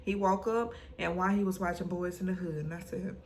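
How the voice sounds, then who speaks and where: A woman, recapping a TV episode in casual, animated storytelling, acting out the characters' lines. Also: fairly low pitch, a little fast, slight background noise. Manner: animated storytelling, acts out quotes. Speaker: recap vlogger.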